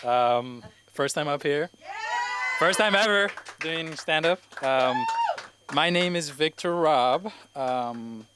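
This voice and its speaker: On a comedy club stage, a young Spanish man with a slight accent does his first open-mic stand-up set. His voice is on the high side and he takes it slowly, rambling and hesitant with plenty of fillers, in a very noisy recording.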